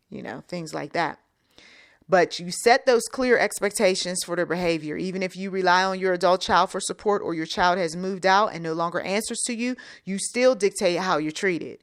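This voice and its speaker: A woman's voice: lowish voice, normal speed. A middle-aged woman hosting an advice talk, plainspoken and direct, speaking straight to the listener with rhetorical questions. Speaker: channel host giving advice. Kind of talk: unscripted faith-based advice talk.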